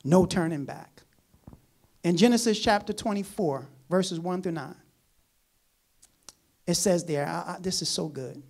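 A preacher giving a sermon, reading scripture aloud and commenting on it, who talks emphatically and repeats key phrases, swinging between loud, urgent lines and quiet asides. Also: mid-range voice, normal speed, vocal fry, pauses often.

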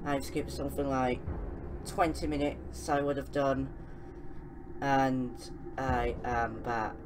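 Excitable young woman gamer, slow-talking. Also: a bass voice, background noise. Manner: excitable, yelling and scolding at game characters. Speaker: gaming channel host. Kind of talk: let's-play commentary.

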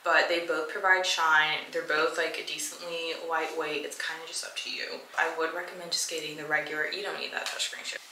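A woman's voice: low-pitched, level tone, a little fast, hardly any pauses, pushed and bright. A young woman in her twenties chatting casually to camera in a rambling, filler-heavy way about hair and outfits, sometimes swearing. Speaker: lifestyle vlogger. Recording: echoey room, faint ambient noise.

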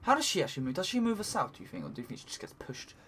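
A man giving let's play commentary while he plays, talking to himself, swearing often and breaking into excited cries. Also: on the high side, very fast, a little hiss or hum. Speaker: gaming commentator.

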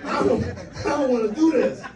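A high-pitched man in his fifties from the US East Coast working a stand-up crowd with loose, profane, laughing tales. He sounds set back from the microphone in a roomy, echoing club, with a lively audience clearly heard behind him. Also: moderate pace, far from the mic. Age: 50s. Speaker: stand-up comedian. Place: live comedy club with audience. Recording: roomy live stage mic, crowd.

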